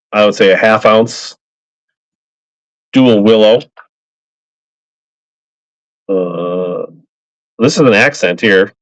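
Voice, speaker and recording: On a casual live stream, a man with a fairly low voice auctions fishing lures, chatting upbeat and greeting buyers by name. There's no room sound, and the stream audio is slightly dull and lo-fi.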